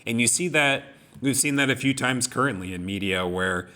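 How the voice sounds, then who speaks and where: A man's voice: medium pitch, normal speed, sharp tone. A young man co-hosting a podcast, telling personal stories in an earnest, reflective way. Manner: earnest, reflective storytelling with many restarts. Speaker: podcast co-host. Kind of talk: casual discussion of song lyrics.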